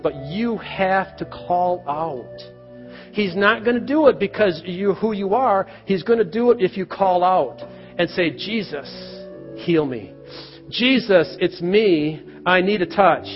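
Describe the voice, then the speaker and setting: A middle-aged pastor with a fairly high voice preaches and prays in a church. His earnest, plain-spoken delivery carries a long reverb off the sanctuary walls. The recording sounds dull and lo-fi, with soft music underneath. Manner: earnest, rises loud when acting out quoted cries. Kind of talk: sermon and closing prayer.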